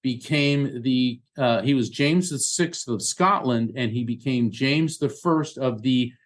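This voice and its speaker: A man talking in a relaxed interview, telling stories and explaining history with lively asides. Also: mid-range voice, takes it slowly. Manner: animated storyteller, acts out voices in quotes. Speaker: guest, medium and lecturer. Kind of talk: casual conversation.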